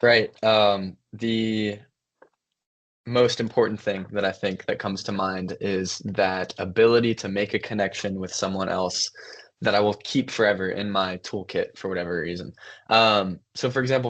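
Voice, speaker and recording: Low-voiced young man telling stories. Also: fairly even intonation, moderate pace, fairly bright tone. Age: young adult. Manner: thoughtful, storytelling, many fillers. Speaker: podcast co-host, son. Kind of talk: casual conversation.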